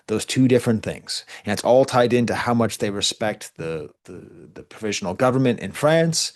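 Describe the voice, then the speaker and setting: A man who is a college professor, giving a recorded class lecture in a conversational, digressive way with frequent asides and restarts. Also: fairly low pitch.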